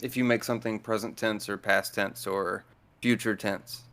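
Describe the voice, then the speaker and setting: A man's voice: lowish voice, fairly even intonation, moderate pace, fairly bright tone, clean tone. A man speaking as a guest in a casual chat, blunt, direct and dry in manner.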